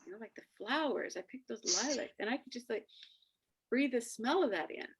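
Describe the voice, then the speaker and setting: Woman host, husky and a bit gravelly, higher voice, lively storyteller. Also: brisk. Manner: animated storytelling, acting out quoted dialogue. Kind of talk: casual reflective chat.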